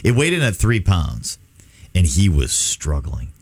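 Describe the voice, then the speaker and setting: A man co-hosting a radio show, chatting casually and telling rambling, animated stories. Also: sits low, unhurried, breathy edge, no room sound. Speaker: radio co-host. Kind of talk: casual chat.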